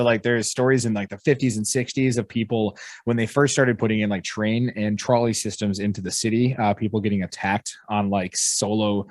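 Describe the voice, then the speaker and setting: A man co-hosting a podcast in casual chat, excitable with quick interjections. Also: fairly low pitch, dry recording, studio quality. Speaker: co-host.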